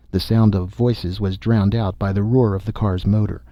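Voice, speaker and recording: Low-voiced male audiobook narrator. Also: fairly even intonation, moderate pace, few pauses, no room sound. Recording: dull, lo-fi dry recording.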